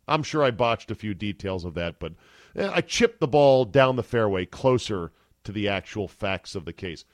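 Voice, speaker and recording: A man hosting a sports podcast, talking casually with a wisecracking, profane, animated manner. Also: fairly low pitch, normal speed, no echo, studio quality. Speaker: podcast host.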